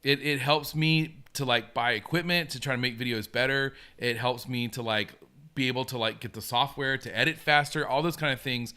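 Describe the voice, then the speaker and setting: A man's voice: medium pitch, steady tone, a little fast, bright, forceful tone, smooth. A man hosting a casual live stream, chatting eagerly and reacting to viewer comments. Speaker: host.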